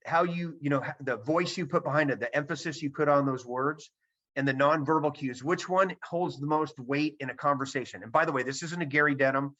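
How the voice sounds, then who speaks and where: Over a video call, a presenter delivers a seminar to a virtual audience, his slightly high, fairly bright voice moving fairly quickly. He stresses and repeats his key points emphatically. The recording sounds dull and lo-fi.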